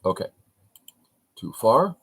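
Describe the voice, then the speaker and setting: A man's voice: slow, poor audio. An older man teaching a game review on a livestream, talking in short broken phrases and asking and answering his own questions.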